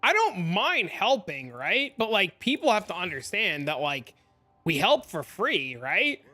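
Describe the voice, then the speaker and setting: Young male streamer, rambling exasperated chatter, bright tone. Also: sits high, sing-song, measured pace, soft background music. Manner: rambling, heavy use of "like", exasperated venting. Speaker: game streamer. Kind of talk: casual live-stream chat.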